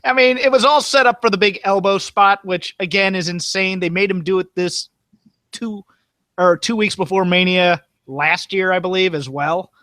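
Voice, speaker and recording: A man's voice: sits high, moderate pace, pushed and bright, no echo. A man co-hosting a wrestling podcast with a wry, dry sense of humor in casual chat. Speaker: podcast co-host.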